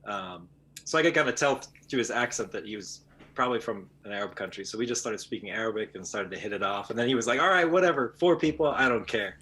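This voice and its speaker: A young man as a podcast guest, recalling a story in a relaxed, rambling way. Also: on the low side, fast talker. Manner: relaxed, rambling recollection with fillers. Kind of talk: casual conversation.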